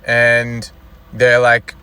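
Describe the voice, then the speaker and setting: A man's voice: medium pitch, monotone, very slow, pushed and bright, smooth. A man vlogging from inside a car, ranting in a loose, profane, rambling way, full of "you know" and "like". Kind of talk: casual ranting monologue.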